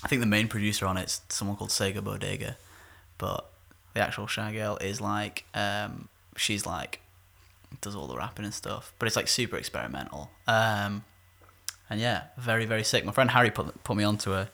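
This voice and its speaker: A man's voice: on the low side, normal speed, vocal fry, pushed and bright. A man co-hosting a podcast in a rambling casual chat, full of fillers. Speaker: podcast co-host; musician.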